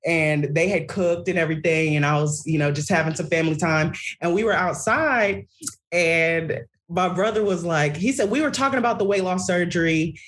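A woman's voice: lowish voice, normal speed. A woman guest talking bluntly on a podcast over a video call, swearing freely as she speaks. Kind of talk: casual chat.

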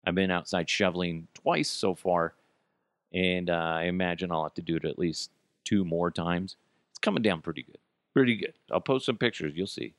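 A man's voice: sits low, moderate pace, dry recording, studio quality. A male podcast host delivering a comedic news rant, profane and sarcastic, wandering off on tangents. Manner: tangents and laughter-breaks.

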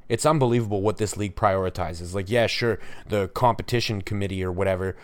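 Low-voiced man ranting on a podcast. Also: fast, no room sound. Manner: ranting, emphatic, frequent restarts. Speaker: podcast host. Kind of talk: solo sports podcast commentary.

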